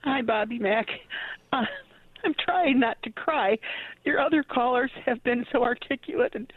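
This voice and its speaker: A woman's voice: high-pitched, normal speed, no echo. A woman phones in to a radio show, effusive and emotional as she speaks. Her voice comes through dry and close, muffled by a dull phone line. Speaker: caller. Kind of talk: phone-in call. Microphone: telephone.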